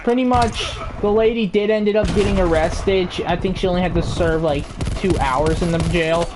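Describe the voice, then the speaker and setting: This woman's voice sits on the low side, with a steady tone and normal speed. As she plays a video game, she casually spins a meandering, filler-heavy story, with gunfire and game sounds behind her.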